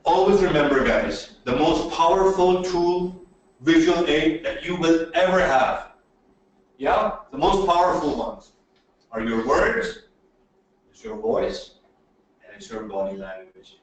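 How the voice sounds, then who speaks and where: A man teaching presentation skills in a webinar, animated and emphatic, checking in with "okay?" often. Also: a little high, measured pace, highs cut off. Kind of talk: webinar lecture. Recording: very echoey room audio from a distance, faint noise.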